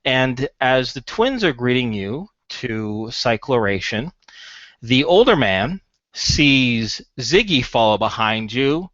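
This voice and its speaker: Young male game master: descriptive, animated, slightly muffled recording. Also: medium pitch, no room sound. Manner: descriptive, with frequent fillers and restarts. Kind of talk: narrating a tabletop game.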